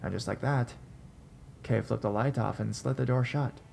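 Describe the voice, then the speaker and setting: Gravelly man narrating a horror story. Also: medium pitch, a little mellow, slight background noise. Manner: measured, suspenseful storytelling. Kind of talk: scripted first-person narration.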